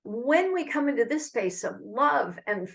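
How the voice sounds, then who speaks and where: A woman's voice: a little high, big pitch swings, measured pace, creaky, a bit bright. A woman giving an earnest, heartfelt devotional message with prayer, speaking conversationally to her viewers. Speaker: Christian speaker.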